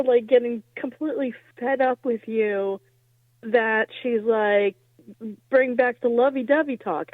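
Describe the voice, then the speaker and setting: A podcast co-host chatting casually, with giggly reactions and thoughtful remarks over a tinny, phone-like line. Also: male voice, very high-pitched, no echo. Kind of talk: casual chat.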